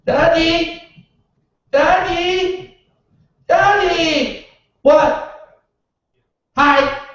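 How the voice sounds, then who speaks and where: Young man, stand-up comedian, exasperated swearing rants, slightly high voice, muffled distant club recording. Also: warm tone, very echoey.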